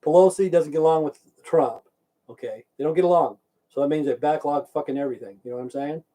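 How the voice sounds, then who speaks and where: Speaking fast in a fairly high, warm voice, a livestream host rants casually over a low-quality recording. He wanders from point to point, curses freely, keeps saying "okay," and responds to people in his chat.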